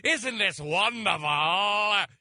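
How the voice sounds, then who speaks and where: Man doing a pompous toffee-nosed opera snob, plummy and drawn out, swooping up high, dry close sound. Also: lively intonation, pushed and bright, no room sound, full character voice. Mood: haughty mock-posh. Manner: affected, drawn-out and haughty. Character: pompous upper-class male opera snob.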